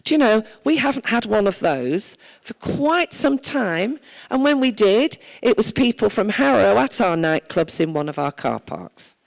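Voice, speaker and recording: A woman's voice: medium pitch, big pitch swings, measured pace, creaky, poor audio. A woman from Wales, a town mayor, giving an earnest, conversational address at a church service and telling stories from her own life.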